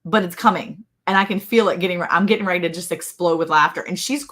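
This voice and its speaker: A woman's voice: fairly low pitch, fast talker. Chatty Southern woman telling a story. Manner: animated storyteller, greets viewers by name. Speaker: livestream co-host. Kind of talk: casual livestream chat.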